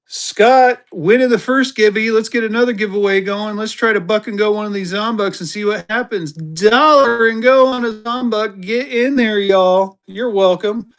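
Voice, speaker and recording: A man's voice: high voice, moderate pace, few pauses, a bit bright, clean tone. A man hosting a live-stream currency auction, greeting viewers by name and urging them to bid. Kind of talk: live-stream selling chat.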